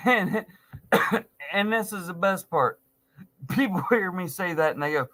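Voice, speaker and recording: A man in his forties rants to his viewers in a high voice for a man. He speaks slowly and drags out his words. He is sarcastic and swears through nearly every line. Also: sharp tone. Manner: angry, sarcastic, heavy swearing. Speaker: vlogger. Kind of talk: profane ranting monologue.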